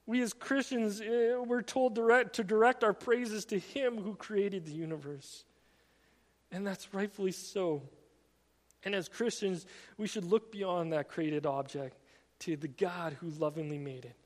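An earnest male preacher with a high, light voice delivers a sermon, leaning hard on certain phrases by slowing right down. His words ring out with a long hall echo around them. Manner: earnest, emphatic preaching with slowed stressed phrases and repetitions.

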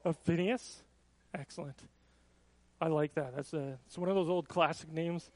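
A man's voice: on the high side, fairly even intonation, moderate pace, a little mellow, dry recording. A male pastor leading a baby dedication in a casual, chatty way with frequent restarts. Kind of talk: church service announcements and baby dedication.

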